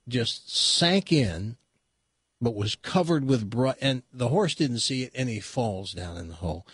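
A man's voice: mid-range voice, breathy edge, no room sound, studio quality. A man hosting a radio talk show, telling a long joke in a chatty way with stammered restarts. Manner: chatty, stammering restarts, laughs at own punchlines.

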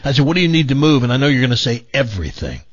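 Lively teasing man on dry radio. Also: mid-range voice, rapid-fire, no echo. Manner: teasing, quizzical. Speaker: radio co-host. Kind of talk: casual radio chat. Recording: dry, dull lo-fi radio broadcast.

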